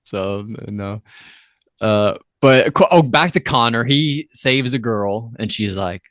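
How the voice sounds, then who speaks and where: A man's voice: a little slow, fairly bright tone, dry recording, studio quality. A man co-hosting a podcast, chatting casually as he recaps a TV episode, often correcting himself mid-sentence. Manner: rambling, self-correcting, quotes lines in a lowered voice. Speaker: podcast co-host.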